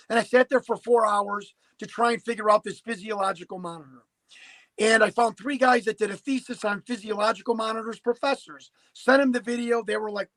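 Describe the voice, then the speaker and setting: Emphatic high-voiced man in his fifties. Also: normal speed, a bit bright, dry recording, low-quality recording. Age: 50s. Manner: emphatic, repeats and restarts words. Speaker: podcast guest. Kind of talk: animated storytelling.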